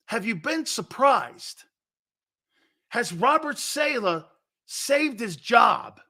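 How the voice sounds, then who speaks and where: A man's voice: high-pitched, sharp tone. A middle-aged man hosting a sports talk show, chatting casually, laughing often mid-sentence and firing questions at his crew. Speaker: sports radio host.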